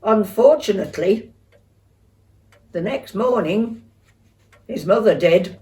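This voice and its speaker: An older woman reading a children's story aloud with lively expression, talking to young listeners. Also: medium pitch, takes it slowly, distant mic.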